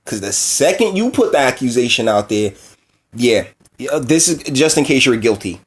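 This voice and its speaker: A man's voice: mid-range voice, very animated, moderate pace, slightly rough. A man hosting his own commentary show, reacting bluntly and with feeling to news clips and reading out an article. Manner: blunt, emotional, exasperated. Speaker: commentary host.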